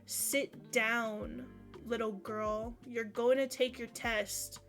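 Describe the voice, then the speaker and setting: A woman's voice: on the high side, flat delivery, slow pace, a bit bright, faint music behind. A woman voicing a stern female school aide who gives curt, scolding orders.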